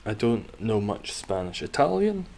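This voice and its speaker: Low, unhurried Scottish man streaming. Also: big pitch swings, gravelly, darkish tone, a little hiss or hum. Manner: joking, rambling and sweary. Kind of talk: casual gaming stream chat.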